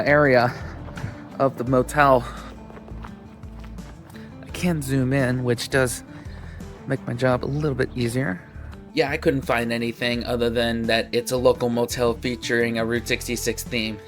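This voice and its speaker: A man vlogging casually from his car on a road trip, chatty and rambling with lots of fillers. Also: medium pitch. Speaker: travel vlogger. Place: in his car while driving. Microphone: handheld camera in the car.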